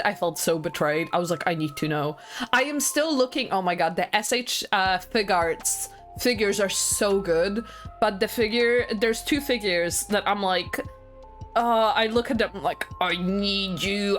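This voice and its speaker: A woman streaming a game, chatting casually with her viewers in an excitable, talkative way that often breaks into laughter. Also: medium pitch.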